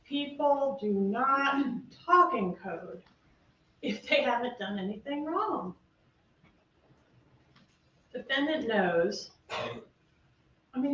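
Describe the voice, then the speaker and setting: A woman prosecutor argues her case to the jury in a fairly high voice, hammering her points home with one sharp rhetorical question after another. She sounds far from the microphone, in a roomy courtroom. The sound is muffled and carries a faint hiss. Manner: emphatic, rapid-fire rhetorical questions. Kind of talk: courtroom closing argument.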